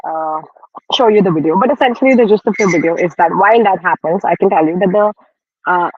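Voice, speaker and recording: A man from India hosts a casual livestream, chatting frankly while snacking and poking a bit of fun at himself. His voice sits high, and the recording is muffled.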